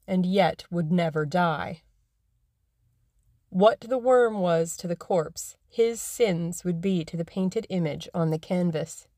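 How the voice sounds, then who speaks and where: A woman narrating a classic novel in a measured, even way, as scripted audiobook narration. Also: fairly low pitch, no room sound, clean studio sound.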